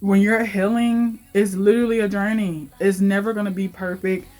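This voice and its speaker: A woman's voice: medium pitch, level tone, moderate pace, mellow. A woman in her late twenties giving an emotional, heartfelt life update in her vlog, talking in a casual, confiding way. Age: late 20s. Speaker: vlogger.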